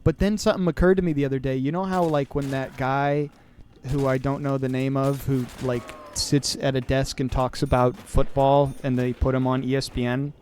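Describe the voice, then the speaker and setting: A man's voice: medium pitch, flat delivery, normal speed, a little mellow, a little hiss or hum. A man in his twenties hosting a podcast, rambling casually and sarcastically while playing a video game. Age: 20s. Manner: rambling, sarcastic and self-deprecating. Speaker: podcast host.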